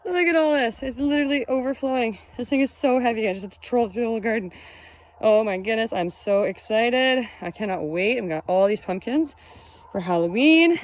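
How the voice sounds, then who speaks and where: A woman, chatting casually and excitedly in a vlog, recorded outdoors on a farm. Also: on the high side, fairly quick. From Canada. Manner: chatty and exclamatory. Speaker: homesteader vlogger.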